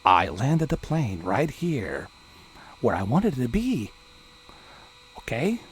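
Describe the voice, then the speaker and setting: A man's voice: medium pitch, huge pitch swings, slow pace, a little hiss or hum. A young man casually commenting on his own live gameplay stream, joking, swearing and narrating in a mock-dramatic way.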